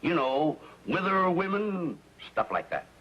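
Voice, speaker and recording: An actor playing a grumbling middle-aged suburban husband, eager and gossipy, in 1950s sitcom acting. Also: male voice, a little high, sing-song, measured pace, fairly bright tone, breathy edge, heavily acted. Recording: dull lo-fi 1950s TV soundtrack with faint hiss.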